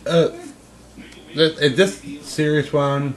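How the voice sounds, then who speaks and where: Man chatting haltingly about old cartoons. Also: on the high side, little pitch movement. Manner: rambling, halting, with restarts. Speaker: co-host. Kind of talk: casual chat.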